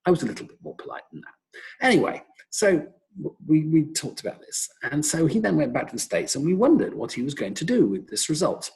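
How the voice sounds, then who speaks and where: A middle-aged man with a British accent, an epidemiologist giving a webinar talk and telling wry, lively anecdotes. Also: on the high side, fairly quick, creaky, rough recording. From Britain. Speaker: professor, epidemiologist.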